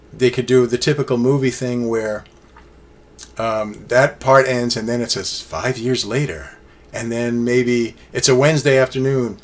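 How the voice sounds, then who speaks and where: Brief: male fan-reviewer, chatty and meandering, speaks with plain enthusiasm. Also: mid-range voice. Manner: rambling, enthusiastic fan talk with many fillers. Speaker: music reviewer. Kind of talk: casual solo album review.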